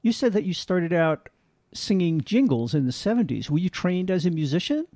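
Lively, mellow-voiced co-host. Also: medium pitch, normal speed, no echo. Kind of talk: casual interview questions.

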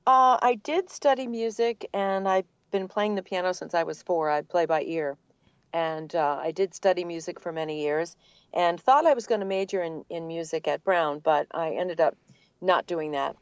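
An older woman, a voice actor from the Boston area with a neutral standard accent, telling her story in a relaxed, articulate interview. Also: on the low side, moderate pace, no room sound, muffled recording. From Boston area, USA. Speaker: guest, voice actor. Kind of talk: casual interview answers.

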